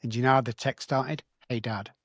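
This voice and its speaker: A man's voice: mid-range voice, steady tone, fast talker, a bit bright, no room sound. A middle-aged man from England, a guest on a podcast, telling his recovery story in a blunt, heartfelt way and swearing freely. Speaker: guest, addiction recovery doctor. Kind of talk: emotional storytelling in a podcast interview.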